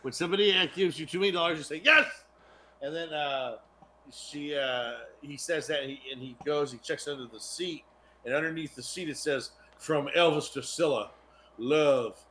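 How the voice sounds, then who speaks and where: Bright-voiced man recapping a show. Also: fairly high pitch, fairly quick, a little hiss or hum. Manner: crude, storytelling, acts out characters' lines. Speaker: podcast co-host. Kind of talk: casual chat recapping a TV episode.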